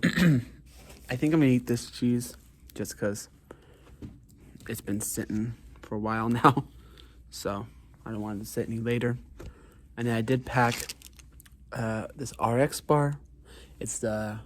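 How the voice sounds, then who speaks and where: A man's voice: mid-range voice, a little hiss or hum. A man talking casually to his vlog camera, rambling with lots of ums and uhs, sometimes with his mouth full. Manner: talks while eating. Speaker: vlogger.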